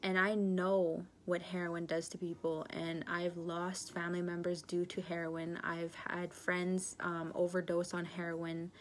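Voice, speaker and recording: A woman of about 30 from northern British Columbia, Canada, giving an earnest personal testimony, halting and full of pauses and fillers. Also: on the low side, monotone, a little hiss or hum. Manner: earnest, confessional storytelling.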